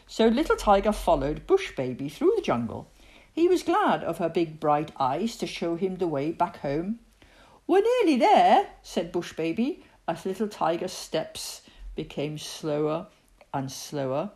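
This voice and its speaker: A woman reading a children's picture book aloud, expressive and dramatic with pauses. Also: lowish voice. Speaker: storyteller.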